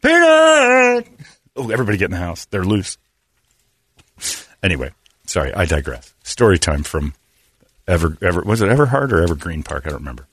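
A middle-aged man from Phoenix, hosting a radio show and telling stories with animated, acted-out voices. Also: low voice, fast, pauses often, breathy edge, no echo, clean studio sound. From Phoenix, Arizona. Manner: animated storyteller, acts out characters in raised voices. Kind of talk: casual morning show banter and storytelling.

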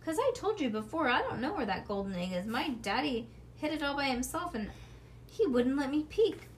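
A proud, excitable little storybook girl, as a mother reading aloud puts her on squeals her lines high and eager. She bosses and shows off in a bright, lively voice. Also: moderate pace, a little hiss or hum. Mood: excited.

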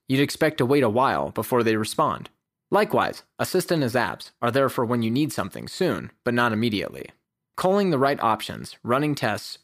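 A man reading a prepared essay as the host of a podcast, in a measured, even delivery. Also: medium pitch, no echo, clean studio sound. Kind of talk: scripted essay narration.

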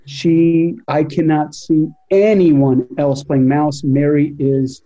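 Director guy telling a story from the set, kinda higher voice, mellow, muffled audio. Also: slow. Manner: animated anecdote teller, quotes himself. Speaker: film director. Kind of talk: casual interview storytelling. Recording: dull lo-fi sound.

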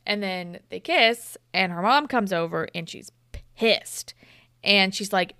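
A woman's voice: medium pitch, slow, pushed and bright, clear, resonant tone, no echo, clean studio sound. A young woman co-hosting a casual podcast, recapping a TV episode in a candid, chatty way and swearing freely. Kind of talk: casual chat.

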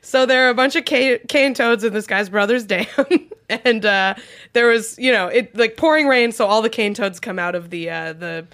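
A woman's voice: on the high side, moderate pace, a bit bright. A woman hosting a podcast, casually telling a news story with lots of fillers and laughter. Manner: chatty, laughs often, many fillers. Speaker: podcast host reading stories. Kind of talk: casual comedic banter.

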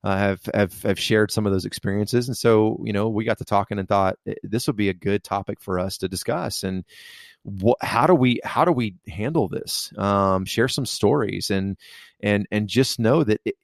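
A man co-hosting a casual faith podcast, talking in a halting way with many fillers and restarts. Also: lowish voice, creaky, no room sound, clean studio sound. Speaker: podcast co-host.

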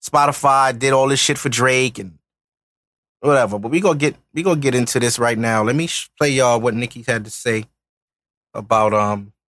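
A man's voice: mid-range voice, normal speed, fairly bright tone, no room sound. A man hosting a podcast, ranting in heated commentary with profanity and repeated points. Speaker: podcast host.

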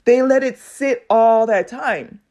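A woman hosting her own podcast, telling a long story in a casual, animated way and acting out what other people said. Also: on the high side, slow pace. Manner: animated, acts out other people's lines in quoted voices. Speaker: podcast host.

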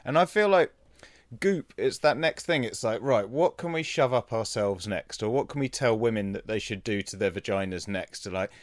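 A man's voice: fairly low pitch, moderate pace, dry recording. A man co-hosting a casual chat, laughing a lot and musing in a rambling way. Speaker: podcast co-host.

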